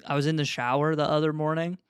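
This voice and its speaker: Podcast guy rambling and cracking himself up, slightly high voice, dry close sound. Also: steady tone, fast, smooth, dry recording. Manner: rambling, laughing often, playful. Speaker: podcast co-host. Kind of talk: casual chat.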